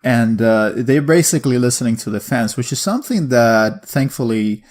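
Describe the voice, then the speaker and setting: A man co-hosting a casual video game podcast, rambling with lots of fillers and quick laughs. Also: mid-range voice, lively intonation, darkish tone. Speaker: podcast co-host. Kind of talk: casual chat about video games.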